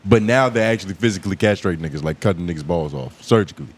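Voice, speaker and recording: A man with a fairly low voice trading loose podcast banter. He teases, cuts in and swears freely in easy slang. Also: lively intonation, fast talker. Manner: teasing, interrupting, profane slang. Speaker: podcast co-host.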